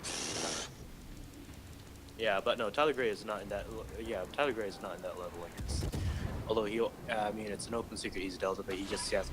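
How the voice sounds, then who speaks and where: A man from Malaysia chats loosely with friends, wandering from story to story. His voice sits low. A steady noise runs under the mic. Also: a little fast, pauses often. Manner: rambling, chatty storyteller. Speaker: call center supervisor. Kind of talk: casual voice chat. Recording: noisy voice-chat mic.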